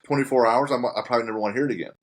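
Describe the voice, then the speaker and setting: A man's voice: medium pitch, steady tone, rapid-fire. Easygoing male podcast host. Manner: joking, easygoing, chuckles. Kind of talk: casual interview chat.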